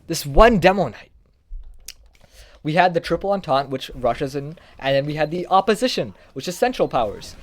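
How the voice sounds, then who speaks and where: A young man chats through a history lesson while he plays an online game. His slightly high voice jumps about lively in pitch. He rambles, trips over words and backtracks often. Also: normal speed. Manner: rambling, animated, self-correcting. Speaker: gaming YouTuber. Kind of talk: casual history explainer over gameplay.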